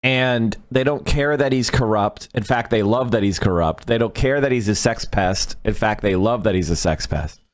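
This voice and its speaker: A man's voice: lowish voice, moderate pace, few pauses, no echo. Blunt, profane man. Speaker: political commentator. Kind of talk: livestream commentary.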